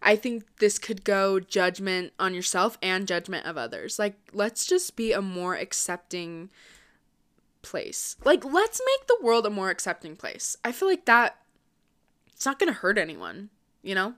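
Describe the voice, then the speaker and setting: A young woman talks straight to her viewers in a breezy, upbeat run of casual chat, scattering fillers as she goes. Her voice is smooth and clean, sitting at an ordinary middle pitch. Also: big pitch swings, fairly bright tone. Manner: chatty, quick and upbeat, lots of "like" and "um". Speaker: vlogger.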